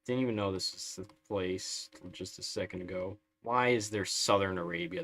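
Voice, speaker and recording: A man's voice: low-pitched, moderate pace, a bit bright. A man streaming a strategy game live, chatting through it in a wry, sarcastic way. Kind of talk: live gameplay commentary.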